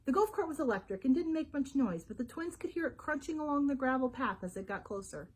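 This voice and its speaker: A woman's voice: sits high, fast. A woman librarian reading a children's adventure book aloud, telling it expressively. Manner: expressive storytelling. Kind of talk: storybook read-aloud for children.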